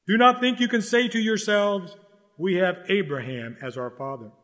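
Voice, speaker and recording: A man preaching a sermon in an urgent, exhorting way, repeating key lines slowly for stress. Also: sits high, fairly bright tone, in a large hall.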